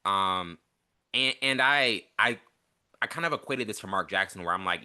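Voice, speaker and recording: A man as a guest on a casual sports podcast, talking in an animated way and acting out imagined remarks. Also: on the low side. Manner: rapid, animated, quotes imagined speech.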